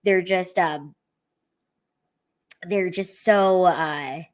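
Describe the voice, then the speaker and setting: A woman's voice: on the low side, extremely slow. A woman, a comedian hosting a casual livestream, talking candidly and teary, swearing freely. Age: 30s.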